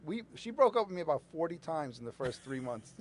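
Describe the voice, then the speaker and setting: Wry, halting New man. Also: fairly high pitch, sing-song, faint music behind. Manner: wry, halting, restarts mid-sentence. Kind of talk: casual storytelling chat.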